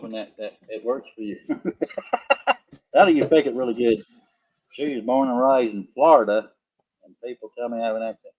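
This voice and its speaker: A man's voice: mid-range voice, brisk, lo-fi sound. A middle-aged man co-hosting a live stream, chatting in a goofy, joking, rambling way. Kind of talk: casual live-stream chat.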